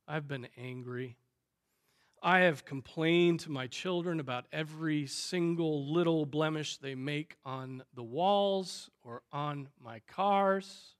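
A male pastor preaching a sermon, emphatic, piling up phrases and swinging in loudness. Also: on the high side. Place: church sanctuary.

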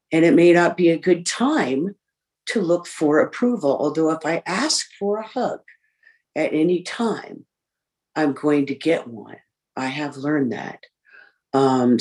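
A woman giving a candid personal share in a recovery group, reflective and pausing often with fillers. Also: deep voice. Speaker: speaker sharing in a recovery group. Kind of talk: personal recovery share, reading list points.

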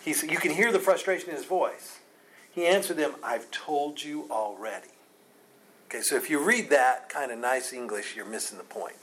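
Animated man teaching through a Bible passage. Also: medium pitch, moderate pace. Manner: conversational, animated, acts out voices with sarcasm and laughs.

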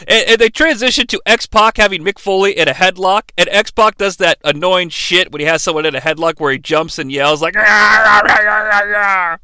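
A man's voice: sits high, fairly even intonation, brisk, few pauses, bright, forceful tone, clear, resonant tone, no room sound. A man hosting a podcast, giving a sarcastic, jokey recap of a wrestling match. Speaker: podcast host.

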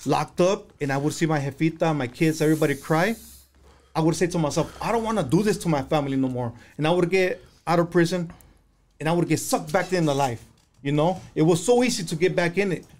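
A man's voice: fairly high pitch, a little fast, a little mellow. Fired-up man telling his story. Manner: impassioned, profane storytelling. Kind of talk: casual conversation.

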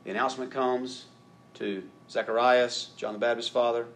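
A man preaching a sermon in an animated way, acting out quoted voices and rising to loud emphatic peaks. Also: mid-range voice, normal speed, a little hiss or hum. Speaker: pastor.

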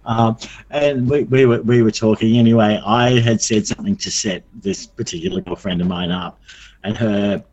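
Guy on an interview, a bit low-voiced, makes dark jokes about himself, lots of um and restarts. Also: fairly even intonation, lo-fi sound. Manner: halting, with many restarts and fillers; darkly joking and self-mocking. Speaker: interview guest. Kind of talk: casual conversation.

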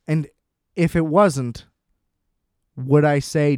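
Young adult man, casual comedic monologue. Smooth voice, dry room sound, sardonic rambling delivery. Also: mid-range voice, expressive, measured pace, pauses often, a little mellow, no echo. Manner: rambling, sardonic, self-deprecating. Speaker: solo storyteller. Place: small room at home.

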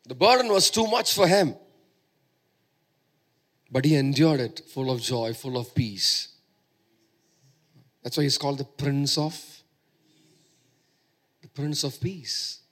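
A man's voice: medium pitch, animated, slow pace, long pauses, a bit bright. A man preaching a sermon, emphatic and repeating phrases for stress.

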